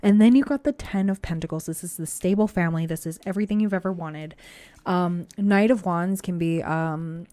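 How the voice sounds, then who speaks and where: A woman's voice: on the low side, normal speed, warm tone, dry recording. A woman giving a casual, encouraging tarot reading to camera, chatty and reassuring, with frequent fillers. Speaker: tarot reader.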